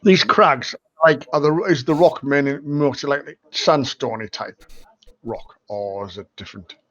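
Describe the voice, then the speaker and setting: A man's voice: medium pitch, unhurried, a bit bright, highs cut off. A man in a tabletop game, thinking aloud in loose phrasing. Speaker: player. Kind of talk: tabletop role-play.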